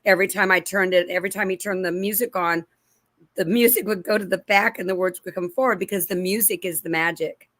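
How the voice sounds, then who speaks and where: A middle-aged woman in mid pitch talks straight to her viewers in an unscripted, rambling way. She circles back with restarts and asides, then jumps into lively acted-out voices when she tells a story. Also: brisk, no room sound. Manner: animated storyteller, acting out quoted voices. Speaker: channel host. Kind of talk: casual religious commentary to camera.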